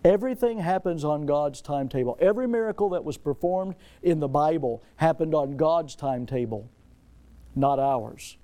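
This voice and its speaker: A middle-aged man preaches with a fairly high yet mellow, warm voice. He keeps asking his listeners questions and hammers home repeated phrases, swinging from hushed lows to ringing highs. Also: lively intonation, moderate pace. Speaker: pastor. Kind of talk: sermon.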